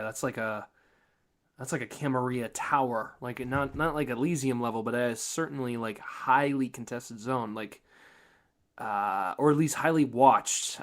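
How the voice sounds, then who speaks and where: A man narrating as game master in a casual, loose way with many fillers. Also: mid-range voice.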